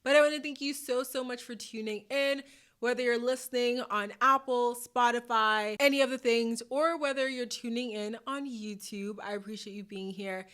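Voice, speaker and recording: A woman's voice: a little high, moderate pace, fairly bright tone. A woman hosting a motivational podcast to camera, chatty and playful with sassy slang, laughing often. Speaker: podcast host. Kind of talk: casual motivational talk to camera. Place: hot room at home. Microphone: camera mic.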